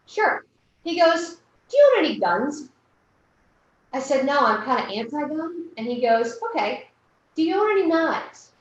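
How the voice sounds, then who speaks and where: High-voiced woman giving an echoey keynote. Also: very animated, a little slow, recorded from a distance. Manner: storytelling, acting out quoted people. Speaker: keynote speaker. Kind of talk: conference keynote talk. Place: large conference hall. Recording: echoey hall, lo-fi from afar.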